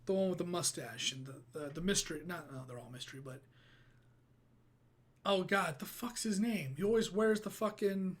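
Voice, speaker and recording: A man hosting a casual reaction video, rambling, swearing freely and getting excited. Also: sits high, moderate pace, husky.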